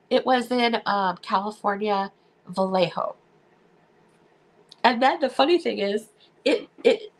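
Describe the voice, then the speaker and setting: On a live stream, a woman tells stories in a relaxed chat, lively and laughing a lot as she acts out what others said. Her voice sits fairly high.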